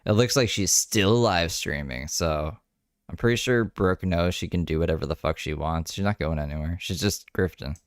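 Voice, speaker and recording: Deep blunt tired-sounding man. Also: normal speed, no room sound, clean studio sound. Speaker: commentary channel host. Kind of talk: casual reaction commentary.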